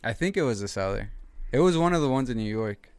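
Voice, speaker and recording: Man, mid-pitched voice, easygoing podcast chat, casual swearing. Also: lively intonation, quick pace, clear, resonant tone.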